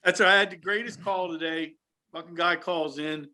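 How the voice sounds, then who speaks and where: A man's voice: fairly high pitch, moderate pace. A man telling profane retail stories on a remote call in casual chat. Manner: profane, animated storyteller. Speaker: guest, retail worker.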